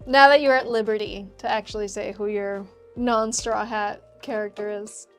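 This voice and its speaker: A woman's voice: medium pitch, fairly even intonation, normal speed, soft background music. A woman hosting a craft livestream, chatting upbeat with her viewers and laughing often while she works. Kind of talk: casual chat with live chat while crafting.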